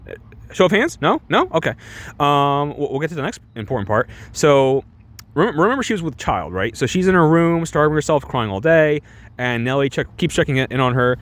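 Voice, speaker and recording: Animated, sarcastic young man. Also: a little high, a little fast. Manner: animated and sarcastic, with frequent restarts and rhetorical questions. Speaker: movie reviewer. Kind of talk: casual stream chat.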